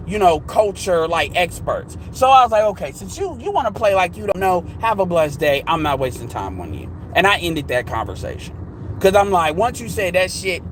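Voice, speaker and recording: A man's voice: a little high, fairly bright tone, a little hiss or hum, low-quality recording. A man talking straight to viewers in a blunt, profane, heated rant, sometimes mimicking other people in quoted asides. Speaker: vlogger. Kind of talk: ranting monologue to viewers.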